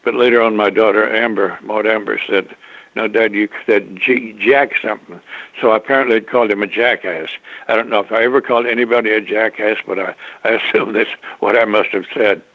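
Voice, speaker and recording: A man's voice: on the low side, steady tone, no echo. Older man, interview guest, rambling storyteller, many restarts, dry tinny phone sound. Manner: halting, full of restarts, chuckling.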